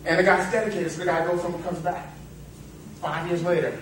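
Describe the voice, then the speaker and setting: A man's voice: high-pitched, little pitch movement, brisk, far from the mic, slight background noise. A man giving a motivational seminar talk, telling a parable in a rambling way with playful asides. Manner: rambling storyteller, self-interrupting, playful asides. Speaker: seminar speaker. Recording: echoey hall, picked up from afar.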